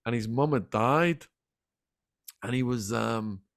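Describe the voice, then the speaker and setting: A middle-aged man, a podcast guest telling animated stories in a casual interview. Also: medium pitch, gravelly, dry recording, clean studio sound. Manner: animated, quick anecdotal storytelling. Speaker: podcast guest, former prisoner.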